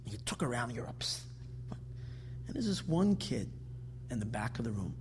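A man giving a religious lecture, telling stories with animated, emphatic delivery that builds to forceful peaks. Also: mid-range voice, moderate pace, slight background noise. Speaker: Torah teacher.

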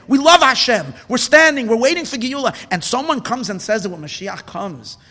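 Impassioned high-voiced man preaching. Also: in a large hall. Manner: impassioned, rising to shouts of indignation. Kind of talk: passionate Torah talk.

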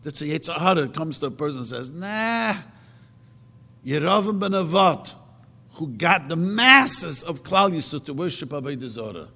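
A man preaches in a fairly high voice that leaps up and down with feeling. He presses his points with rhetorical questions and slows down to chant the verses. His voice rings out in a hall with a long reverb. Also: animated, sharp tone. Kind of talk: sermon.

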